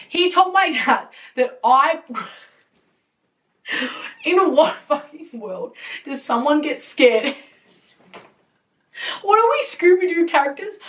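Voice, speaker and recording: A young woman with a fairly high voice, chatting through a story on her podcast. She talks in an animated way, laughs often and swears freely. Her voice sits a little back from the mic. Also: distant mic. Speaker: podcast host. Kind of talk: casual storytelling. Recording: voice a bit off-mic.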